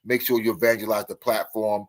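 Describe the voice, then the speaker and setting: A man with a fairly low voice hosts an online radio show. He talks casually and loosely, restarting sentences and stacking fillers. Now and then he jumps into loud, emphatic bursts. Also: level tone, fairly quick. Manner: rambling, with many restarts and fillers. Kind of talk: casual on-air chat.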